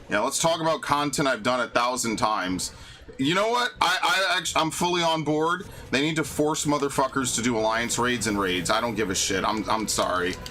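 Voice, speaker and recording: With background noise and game music audible, a male gaming streamer chats casually during his live stream. His voice is medium-pitched, and his commentary turns profane, grumbling and ranty.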